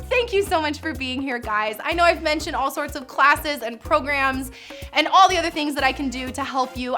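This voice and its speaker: A woman's voice: high voice, pushed and bright. A woman in her thirties, a birth coach and nurse, chatting through viewer questions in a casual vlog, gushing and laughing often.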